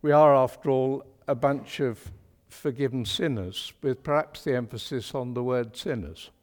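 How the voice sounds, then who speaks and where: A man's voice: medium pitch, normal speed. A man preaching a sermon in a church, chatty, wry and emphatic. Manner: chatty, wry and emphatic, with homely British turns of phrase. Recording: long hall reverb of a church.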